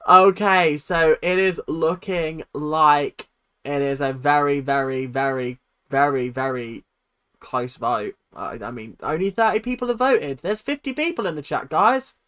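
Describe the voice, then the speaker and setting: Low-voiced woman hosting a livestream. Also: lively intonation, a little slow, fairly bright tone. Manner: chatty, blunt, swears freely. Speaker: livestream host. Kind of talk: casual live commentary.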